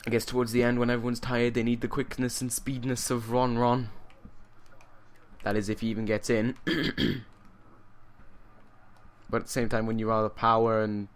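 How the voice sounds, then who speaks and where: A man commentating a wrestling video game, excitable, shouting and laughing at big moments, with rambling self-correcting asides. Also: medium pitch, normal speed, pauses often.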